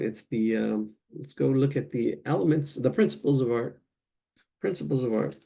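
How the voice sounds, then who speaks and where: Gravelly-voiced man teaching painting. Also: mid-range voice, moderate pace, warm tone. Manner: thinks aloud while painting, searching for words. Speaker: art instructor. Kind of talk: live painting demonstration.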